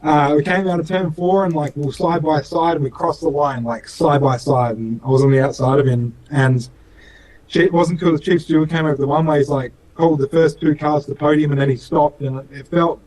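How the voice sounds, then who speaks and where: This young Australian man from Western Australia is a racing driver guest in a casual storytelling interview. His voice is a little high, a little mellow and steady in tone, and he talks fairly quickly. He rambles earnestly with many fillers, and the audio quality is poor.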